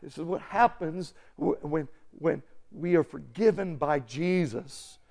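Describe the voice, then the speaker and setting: A man preaching an animated sermon, acting out quick voices and shifting between loud bursts and quiet asides. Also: on the high side, vocal fry. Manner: excitable, acts out voices, shouts and laughs. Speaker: pastor.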